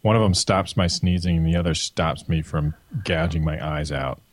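A man in his thirties with a deep voice, teasing his co-hosts in a blunt, matter-of-fact way. The recording is dry and close, with no room sound. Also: steady tone, moderate pace, dry recording. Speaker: podcast co-host. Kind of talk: casual chat.

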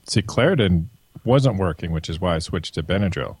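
A man in his thirties with a deep voice, teasing his co-hosts in a blunt, matter-of-fact way. The recording is dry and close, with no room sound. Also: expressive, a little fast, darkish tone, breathy edge, dry recording. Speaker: podcast co-host. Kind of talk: casual chat.

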